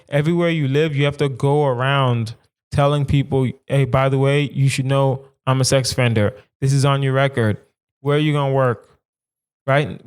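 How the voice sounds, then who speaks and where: A young man hosts his own comedy podcast alone and talks straight into the mic. His voice is smooth and clear, at an ordinary pitch for a man, and he riffs with emphatic repetition. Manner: animated, emphatic riffing with repetition. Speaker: podcast host. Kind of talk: solo comedic podcast monologue.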